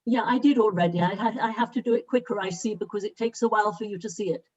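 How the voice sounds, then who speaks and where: A woman hosting an online meeting, talking haltingly with many fillers while she sorts out settings on a video call. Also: mid-range voice, lo-fi sound. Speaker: event host.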